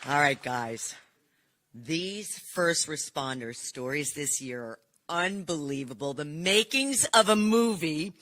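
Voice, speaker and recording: A woman's voice: sits low, lively intonation, takes it slowly, a bit bright. A woman hosting as master of ceremonies at an indoor awards ceremony, upbeat and presenting on a microphone.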